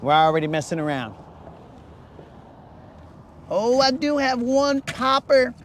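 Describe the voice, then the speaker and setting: High-pitched man, fishing livestream host, slangy and hyped, outdoors on a boat, faint background noise. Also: sing-song, takes it slowly. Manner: hyped, slangy, talks straight to chat. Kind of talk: casual livestream chat to viewers.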